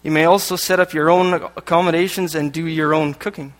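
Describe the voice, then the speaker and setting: A man's voice: fairly high pitch, little pitch movement, brisk. Light-voiced man preaching in an echoey hall. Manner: joking asides between read passages. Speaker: lay preacher. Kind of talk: sermon. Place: church hall. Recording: echoey hall with long reverb.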